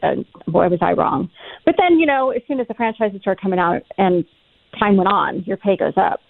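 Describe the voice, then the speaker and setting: A middle-aged woman telling stories as a podcast guest in an animated, casual way, cursing freely. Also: mid-range voice, moderate pace, creaky, no room sound. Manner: animated, swears freely, acts out her own past lines. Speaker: podcast guest, reality TV cast member. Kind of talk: casual storytelling chat. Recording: tinny phone-like line, dry.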